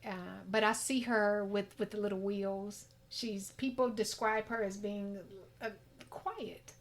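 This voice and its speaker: A middle-aged woman guest in a casual interview, talkative and reflective, breaking into laughter. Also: a little slow. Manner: talkative, reflective, laughs and pitch jumps when excited.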